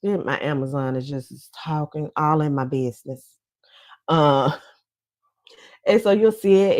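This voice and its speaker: Woman vlogger, low-pitched, blunt and profane, dry close sound. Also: unhurried, pauses often, darkish tone, no echo. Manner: blunt, profane and chatty, often laughing. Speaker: commentary vlogger. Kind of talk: casual commentary.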